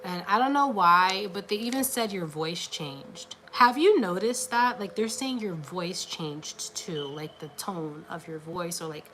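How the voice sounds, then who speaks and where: Chatty, lower-voiced woman reading cards. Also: pushed and bright, a little hiss or hum. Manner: chatty and encouraging, many filler "like"s. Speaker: tarot card reader. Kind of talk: casual livestream reading.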